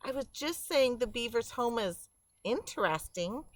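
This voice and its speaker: A woman's voice: mid-range voice, wildly swooping pitch, slow pace, full character voice. A woman voicing a timid, awed young mouse sibling in a read-aloud storybook.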